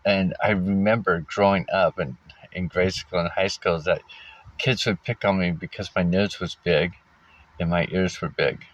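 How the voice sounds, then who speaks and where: A man with a very low voice tells his own story in a casual, halting way, stopping on fillers and restarting his sentences. A wry laugh slips in now and then. The recording sounds dull and lo-fi. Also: fairly even intonation.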